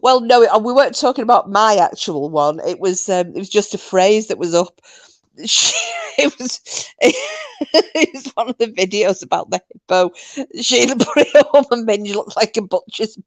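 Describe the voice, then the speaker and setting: A woman's voice: mid-range voice, very animated, normal speed, no room sound. A woman hosting a casual live-stream quiz night, answering viewer comments and often breaking into laughter. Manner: giggly, often bursting into laughter.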